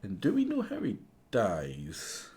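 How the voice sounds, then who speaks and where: A man streaming live, muttering to himself as he reasons through a puzzle game, with sudden bursts of excitement. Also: lowish voice, slow pace, husky. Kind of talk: live gameplay commentary.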